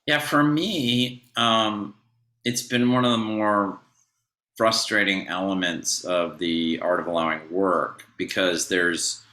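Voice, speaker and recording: Man, podcast co-host, very low voice, forceful bright tone, earnest and practical, echoey room. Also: steady tone, slow pace. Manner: earnest, practical, lots of "like" and restarts. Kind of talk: casual chat.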